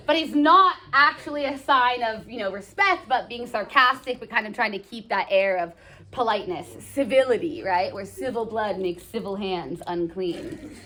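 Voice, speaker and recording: A woman teaching a high school English lesson in a classroom. She explains the play in a chatty way, full of jokes and slang asides to her students. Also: moderate pace, sharp tone.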